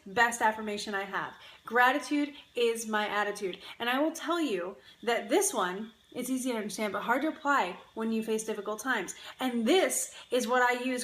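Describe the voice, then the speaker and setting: A woman's voice: a little high, a bit bright. Upbeat young woman in an echoey room. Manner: upbeat, encouraging, chats with viewers and laughs often. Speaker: live-stream host giving daily affirmations. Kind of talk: casual live-stream talk. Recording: echoey room with faint ambient noise.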